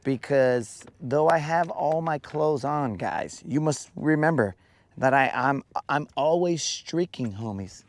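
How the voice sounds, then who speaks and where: A man's voice: fairly high pitch, animated, slow. A man hosting a fishing livestream outdoors on a lake, joking in slang and greeting viewers by name. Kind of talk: casual live-stream chat.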